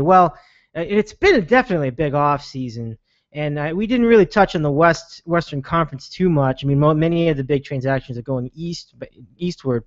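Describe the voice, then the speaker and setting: Man, podcast host, casual rambling chat, fairly high pitch, dry, lo-fi. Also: dry recording. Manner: rambling, many restarts and fillers. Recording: dull lo-fi sound.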